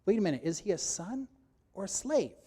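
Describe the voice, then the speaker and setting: Male preacher mid-sermon, emphatic teaching voice sitting a bit high, bursting loud on quoted lines. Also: sing-song, a little fast, slightly rough.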